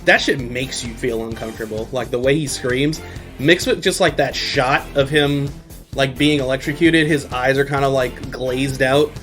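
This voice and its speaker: A man's voice: medium pitch, steady tone, moderate pace, fairly bright tone, soft background music. A young man hosting a podcast, casually recapping an anime episode in a rambling, profane way and laughing often. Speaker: podcast host.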